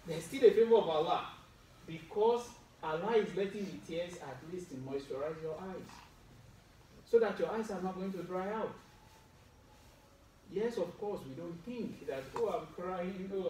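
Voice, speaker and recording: A man's voice: high voice, darkish tone, slight background noise. A man giving a Friday sermon, teaching with medical detail, putting questions to his listeners and adding wry asides. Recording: roomy echo, distant mic, faint ambience.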